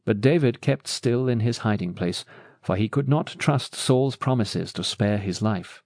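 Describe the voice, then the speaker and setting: A man narrating a Bible story in a steady, measured reading. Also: mid-range voice, dry recording, studio quality.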